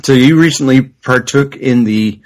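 A man's voice: medium pitch, moderate pace, a little mellow, poor audio. A man hosting a podcast, chatting casually and rambling with frequent restarts. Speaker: podcast host. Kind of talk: casual chat.

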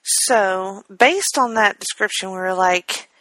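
A woman co-hosting a casual podcast, quick to laugh and filling her speech with ums and uhs. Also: medium pitch, no echo, rough recording. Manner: animated and quick to laugh, with lots of fillers. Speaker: podcast co-host. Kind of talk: casual chat.

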